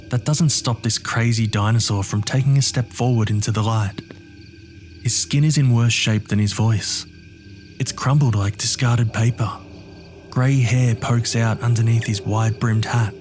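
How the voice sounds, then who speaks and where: A man's voice: on the low side, a little mellow. A man narrating a horror story in the first person with a gritty, streetwise delivery.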